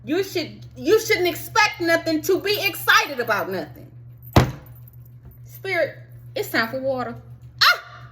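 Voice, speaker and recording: A woman's voice: high-pitched, big pitch swings, moderate pace, hardly any pauses, pushed and bright, a little hiss or hum, rough recording. A woman hosting a spiritual self-help talk, preaching emphatically with frequent swearing and sudden outbursts.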